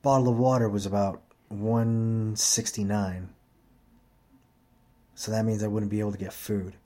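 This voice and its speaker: A man's voice: on the low side, level tone, unhurried, warm tone. A man telling his viewers a personal story in a rambling, profane, plainspoken way, tired at the end of a long day. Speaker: vlogger. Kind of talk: casual storytelling monologue.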